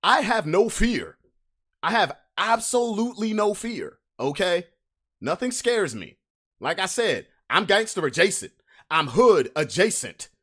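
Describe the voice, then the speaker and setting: Brash, animated man ranting on a podcast. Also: high voice, measured pace, slightly rough. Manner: brash, swaggering, trash-talking. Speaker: podcast host. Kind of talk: comedic podcast rant.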